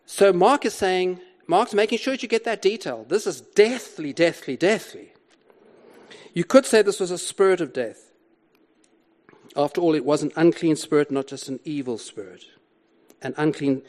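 A man's voice: a little high, animated, moderate pace, darkish tone. An older man preaching a sermon, explaining a Bible passage with emphatic repetition and rhetorical questions. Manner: emphatic, repeats key words, rhetorical questions.

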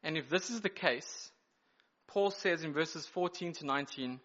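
A man preaching an evening sermon, explaining scripture in an emphatic teaching manner with measured pauses and occasional self-corrections. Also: fairly high pitch, a bit bright. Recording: dull lo-fi recording.

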